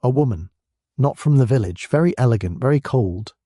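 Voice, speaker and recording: A man voicing a polite, measured curry house owner who confides what he saw. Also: mid-range voice, lively intonation, dark tone, dry recording, clean studio sound, close to an everyday voice. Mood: confiding. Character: calm middle-aged man running a curry house kitchen.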